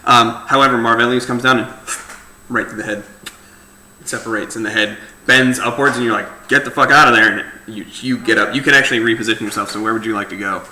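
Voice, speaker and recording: Bright-voiced male game master. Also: mid-range voice, steady tone, quick pace. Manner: loose, filler-heavy narration. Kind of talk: narrating a tabletop game. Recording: echoey room, faint noise.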